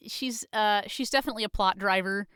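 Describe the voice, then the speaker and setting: A woman's voice: mid-range voice, a little fast, a bit bright, clear, resonant tone, no echo, clean studio sound. A woman co-hosting a podcast, chatting casually, retelling movie scenes and laughing often. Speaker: podcast co-host. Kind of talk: casual chat.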